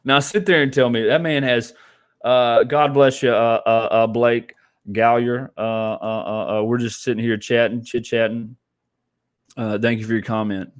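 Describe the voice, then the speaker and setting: A man chats loosely on a sports podcast, his voice sitting at an everyday middle pitch. He rambles, restarts his sentences and laughs often. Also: flat delivery, moderate pace. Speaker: podcast co-host. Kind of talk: casual sports podcast chat.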